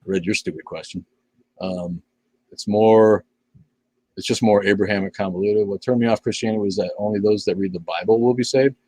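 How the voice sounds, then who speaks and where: A man's voice: fairly low pitch, steady tone, fairly quick, dark tone, dry recording, low-quality recording. An older man hosting a live stream, reading viewer comments in blunt, profane, sarcastic casual chat.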